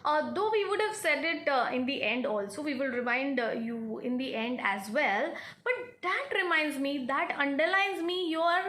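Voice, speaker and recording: A woman's voice: high voice, normal speed, few pauses, a bit bright. A middle-aged woman with an Indian English accent interviewing her son in an earnest, encouraging way. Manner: earnest, encouraging, restarts sentences. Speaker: interviewer, mother of the guest. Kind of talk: casual home interview. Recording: echoey room.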